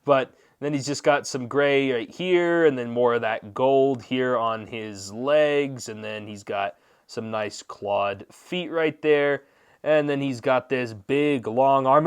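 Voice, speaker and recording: A man's voice: medium pitch, takes it slowly, smooth. A man hosting his own channel, giving a casual, jokey review of an action figure with playful asides. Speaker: toy reviewer and channel host. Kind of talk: casual toy review commentary.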